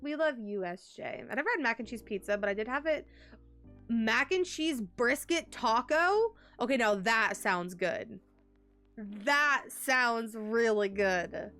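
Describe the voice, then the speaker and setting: A young woman from Texas talks casually to her live-stream viewers, her voice sitting a little on the high side. She is chatty and warm as she reads and answers chat, and faint music plays softly behind her. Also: animated, measured pace. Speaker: game streamer. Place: home.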